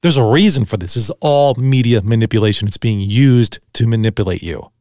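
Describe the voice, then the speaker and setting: A middle-aged man delivers a solo podcast monologue in a blunt, profane, ranting way. His voice sits at an ordinary middle pitch. The recording is dry and close, with no room sound. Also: a little fast, a little mellow, no echo. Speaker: podcast host.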